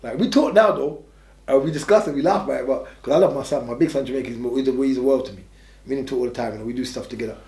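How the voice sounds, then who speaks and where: An English man being interviewed tells candid stories fast and bluntly, rambling and restarting often. His mid-range voice is a little mellow, and the recording has a roomy echo.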